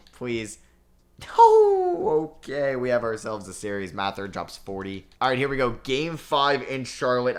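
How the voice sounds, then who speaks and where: A young man casually commenting on his basketball video game season, swinging between nervous groans and excited cheers. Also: fairly low pitch. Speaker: gaming channel host.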